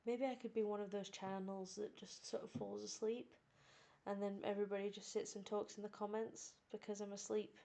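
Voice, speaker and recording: A woman teaching English on a live stream, chatting casually in a playful, self-teasing way with soft asides. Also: mid-range voice, little pitch movement, brisk, vocal fry.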